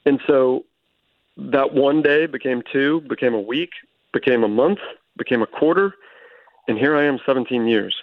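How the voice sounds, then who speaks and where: A man's voice: mid-range voice, moderate pace, no echo. Man, guest author, earnest storytelling, tinny phone-line audio, dry sound. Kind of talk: casual Christian talk show conversation.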